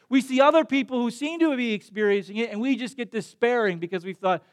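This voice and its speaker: A man's voice: extremely high pitch, fairly quick, few pauses. A young adult man preaching a sermon as a pastor, telling a story in a conversational way that builds to emphatic passion.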